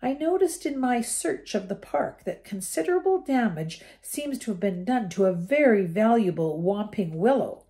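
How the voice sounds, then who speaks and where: A woman's voice: medium pitch, animated, normal speed, few pauses, mellow, pitched above the performer's own voice, lightly acted. A woman voicing a cold, sneering, menacing male teacher in a storybook reading.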